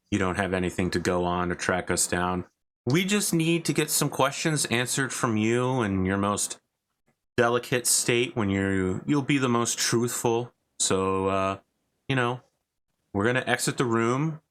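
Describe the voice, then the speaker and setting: A man's voice: low-pitched, fairly bright tone. A man voicing a courteous, businesslike masked woman who holds a captive for questioning, speaking in a matter-of-fact, reassuring way. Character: polite masked woman interrogator, businesslike contractor.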